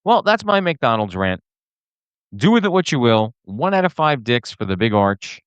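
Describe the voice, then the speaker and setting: This man speaks at medium pitch and normal speed, his voice clear and resonant. Hosting a podcast, he delivers an animated solo rant to camera, full of fillers and restarts, captured without echo on lo-fi audio.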